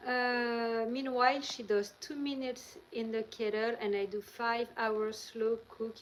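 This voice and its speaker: A woman's voice: fairly high pitch, little pitch movement, unhurried, slight background noise, low-quality recording. Chatty French woman on a live stream. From France. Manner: rambling, chatty storytelling. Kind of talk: casual live-stream chat. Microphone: handheld phone.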